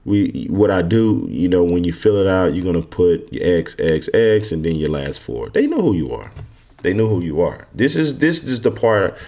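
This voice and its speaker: A man's voice: low-pitched, darkish tone. A man from Texas casually walking viewers through a form, confident and emphatic, often repeating himself. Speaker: online course mentor. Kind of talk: casual screen walkthrough lesson.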